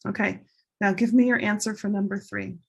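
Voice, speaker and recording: A woman teacher slowly and carefully drilling English pronunciation in a recorded lesson. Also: mid-range voice, steady tone, gravelly, slightly rough, highs cut off. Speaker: ESL teacher.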